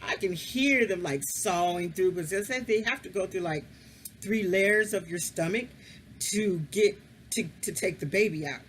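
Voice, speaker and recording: Woman, casual storytelling, blunt and profane, confiding tone, mid-pitched voice. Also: moderate pace, a bit bright, a little hiss or hum. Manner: frank and profane, swears freely; candid and confiding, speaks straight to the listener.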